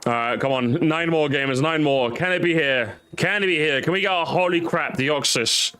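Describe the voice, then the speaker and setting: A man's voice: fairly high pitch, normal speed, sharp tone, clear, resonant tone. A man in his thirties casually chatting and bantering with a friend on a live stream, teasing and swearing now and then.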